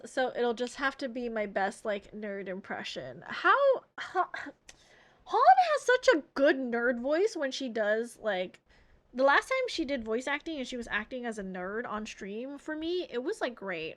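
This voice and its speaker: A woman's voice: on the high side, big pitch swings, unhurried, a bit bright. Chatty, giggly woman streaming a game. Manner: chatty, giggly, musing aloud. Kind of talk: casual chat while voicing a game.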